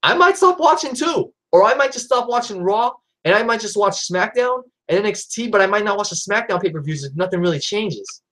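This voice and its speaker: A man ranting in a vlog about wrestling booking, frustrated and exasperated, with frequent restarts and sudden jumps up in pitch when he gets riled. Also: a little fast, hardly any pauses, a bit bright. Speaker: wrestling YouTuber.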